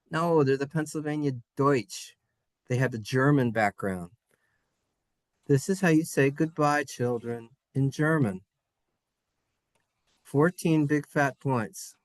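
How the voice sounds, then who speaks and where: A Hebrew teacher leading a children's reading lesson, animated and encouraging and repeating key phrases. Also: mid-range voice, no echo.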